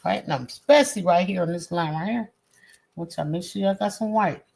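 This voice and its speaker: In this clip, a woman with a fairly low, slightly mellow voice and some vocal fry speaks a little quickly. She's an art teacher running a live-streamed painting lesson, chatty and encouraging as she addresses viewers directly and trades slangy, friendly banter with the chat.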